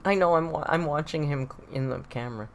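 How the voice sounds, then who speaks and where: A woman's voice: sits low, fairly quick. A woman from southern Ontario with a Canadian accent, chatting casually and laughing often while hosting a livestream. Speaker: livestream host. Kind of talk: casual live chat with viewers.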